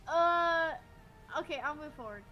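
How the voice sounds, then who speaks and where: A woman's voice: sits high, expressive, a little slow, lo-fi sound, soft background music. A woman playing a tabletop game, hesitant and thinking aloud about her moves. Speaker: player. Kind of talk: casual tabletop play.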